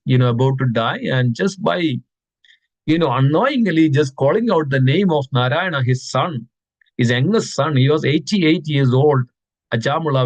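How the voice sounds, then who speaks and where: A man with a mid-range voice leads a devotional scripture class, reciting verses and putting questions to his listeners. He often repeats words for emphasis. The recording is muffled but has no echo.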